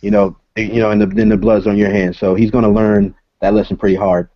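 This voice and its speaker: A man, a comic creator and guest, explaining casually over a video call, halting with many filler sounds. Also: fairly low pitch, little pitch movement. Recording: dull lo-fi call audio.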